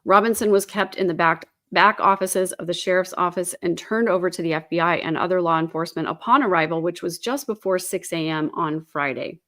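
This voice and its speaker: A woman's voice: on the low side, fairly quick, few pauses, fairly bright tone. A woman hosting an online commentary show, reading news articles aloud at her computer and adding her own speculation in a chatty, filler-laden way.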